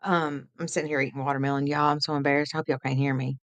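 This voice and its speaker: Chatty woman with a low voice. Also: level tone, rapid-fire, no room sound. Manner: chatty and folksy, greets viewers by name, laughs easily. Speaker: live-stream host. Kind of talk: late-night live-stream chat with viewers.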